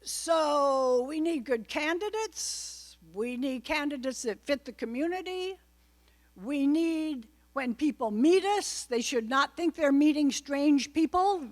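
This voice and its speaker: Woman guest speaker with a raised pitch, addressing a club audience loosely and wryly, with many digressions. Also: animated, takes it slowly. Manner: chatty, wry asides, frequent digressions. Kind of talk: informal political talk to a live audience.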